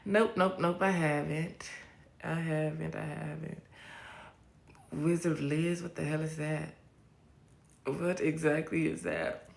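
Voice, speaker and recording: A young adult woman hosting a casual live stream, answering viewer comments in a blunt, profane, sassy way with drawn-out repeats. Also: sits low, gravelly. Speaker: livestream host. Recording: roomy echo.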